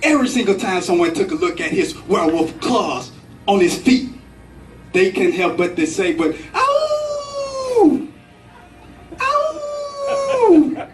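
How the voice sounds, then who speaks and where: A man giving a storytelling speech to a club, told in a dramatic, animated way. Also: high-pitched, normal speed. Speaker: club speaker. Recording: echoey room, from far off, faint music.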